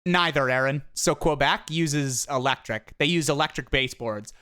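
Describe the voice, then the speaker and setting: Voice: medium pitch, normal speed, clean tone. A streamer chatting casually from a home office, rambling with frequent restarts while showing photos of a new home. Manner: rambling, with restarts and animated quips. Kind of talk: casual live-stream chat.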